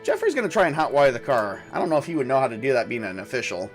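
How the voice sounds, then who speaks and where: A man narrating a solo tabletop game, rolling dice and thinking aloud in a halting way with many fillers. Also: medium pitch, big pitch swings, soft background music. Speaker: game master.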